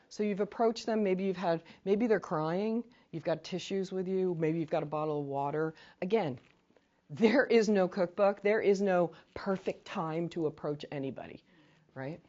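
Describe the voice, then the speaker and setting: Lower-voiced woman leading a training. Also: dull audio. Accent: New England. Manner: conversational, often asks "right?"; acts out short sample phrases to victims. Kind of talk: training workshop talk. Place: training room.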